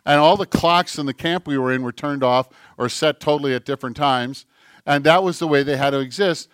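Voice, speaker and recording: A man's voice: a little high, fairly bright tone, no echo, studio quality. A man preaching a sermon as pastor, earnest, with a repetitive, building cadence.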